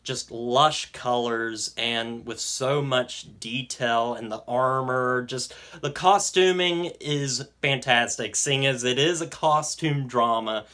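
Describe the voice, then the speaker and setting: A young man giving an earnest, enthusiastic film review in a casual spoken style, pausing often with "um". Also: medium pitch, pushed and bright. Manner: enthusiastic, earnest, with frequent "um" pauses.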